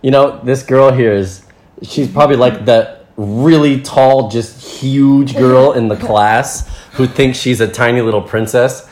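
A man's voice: mid-range voice, steady tone, unhurried, a crowd in the background. A man co-hosting a casual online chat, joking and self-deprecating. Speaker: co-host and story reader.

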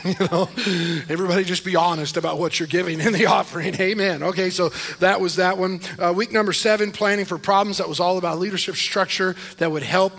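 A male pastor preaching a sermon, mixing joking asides with loud, emphatic stretches that call for amens. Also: high-pitched, steady tone, fast talker, creaky.

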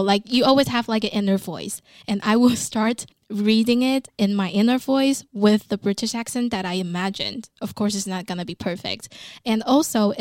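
A woman's voice: medium pitch, dry recording, clean studio sound. A woman with a Taiwanese accent and native Mandarin, chatting on a podcast in English and telling stories with lots of "like" fillers. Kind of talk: casual podcast chat.

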